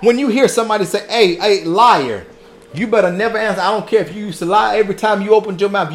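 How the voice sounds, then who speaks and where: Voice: medium pitch, slight background noise. Pastor preaching with fervor, repeating refrains, calling the congregation "baby", voice rising and falling widely. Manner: calls listeners "baby", folksy asides. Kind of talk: sermon.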